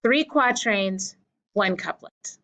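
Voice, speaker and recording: A woman teacher giving a slow, deliberate lesson over slides, correcting herself now and then. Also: mid-range voice, expressive, fairly bright tone, poor audio. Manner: slow, deliberate explaining with small self-corrections.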